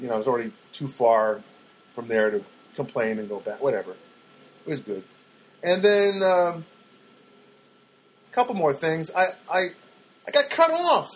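A man rambling through everyday stories in a chatty, excitable monologue, often repeating himself and acting out other people's voices. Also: on the high side, husky, rough recording.

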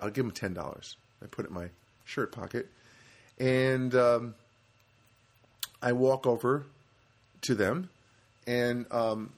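A man's voice: medium pitch, fairly bright tone. A man from New Jersey, a comedian hosting his own show, telling rambling stories in a casual monologue with many restarts. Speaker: comedian podcast host.

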